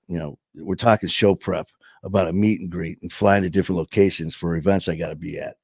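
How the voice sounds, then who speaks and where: A man with a very deep voice talks in a loose, rambling monologue, leaning hard on words and swearing freely. He sounds like a show host speaking casually to his audience. The recording is dry and close, with no room sound. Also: steady tone, a little fast, darkish tone, breathy edge, dry recording. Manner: rambling, emphatic, peppered with swearing.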